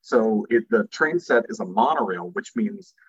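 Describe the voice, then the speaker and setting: A man in casual podcast chat, telling animated anecdotes and acting out the people in them. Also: mid-range voice, normal speed, vocal fry, slightly rough, dull audio. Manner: animated anecdotes with acted-out quotes.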